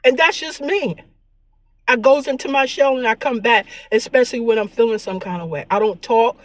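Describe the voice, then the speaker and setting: A tearful woman vlogger with a slightly high voice speaks at a moderate pace in an emotional spiritual monologue. She's earnest and preachy about faith and herself, often repeating her words.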